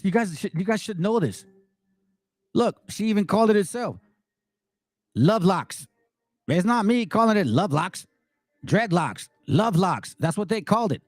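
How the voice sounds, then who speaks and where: Angry high-voiced man, dry sound. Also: animated, a little slow, pauses often, no room sound. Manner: angry, emphatic, repeats words for stress. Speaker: commentary host. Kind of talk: heated commentary, reading out passages.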